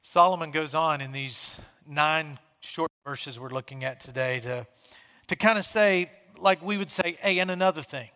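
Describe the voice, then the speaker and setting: A man's voice: on the high side, normal speed, bright, forceful tone, clear, resonant tone, big-room sound. A male pastor giving a conversational sermon, acting out quoted questions with rising and falling volume in a church sanctuary.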